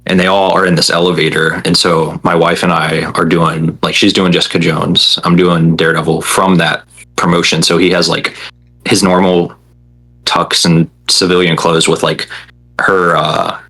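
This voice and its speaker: Young guy rambling a bit on a podcast, lots of ums, low voice but bright and kinda husky. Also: level tone, moderate pace, poor audio. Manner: rambling, hesitant, many fillers. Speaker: podcast guest, cosplayer. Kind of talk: casual chat.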